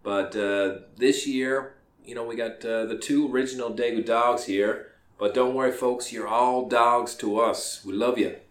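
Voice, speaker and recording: A man's voice: mid-range voice, fairly even intonation, a little slow, reverberant. A man co-hosting a podcast, chatting casually in a rambling way, with plenty of hesitations and the odd swear. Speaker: podcast co-host. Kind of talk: casual chat.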